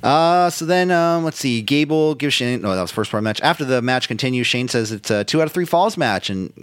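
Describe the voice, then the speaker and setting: A man's voice: medium pitch, lively intonation, a little fast, smooth, no echo. A man co-hosting a casual wrestling podcast, recapping matches play by play in a loose, profane way. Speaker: podcast co-host.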